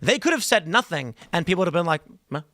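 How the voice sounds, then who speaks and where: Fast-talking male panel host. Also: sits high, big pitch swings, bright, forceful tone, dry recording, clean studio sound. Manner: quick, breaking into laughs, restarts. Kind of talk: panel political chat.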